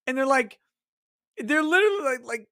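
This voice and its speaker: A man's voice: very high-pitched, expressive, normal speed, pushed and bright, dry recording. A man holds forth on a livestream in a loose, profane rant. He is mocking and exasperated, swearing freely. The sound is dry, with no room around it. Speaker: livestream host.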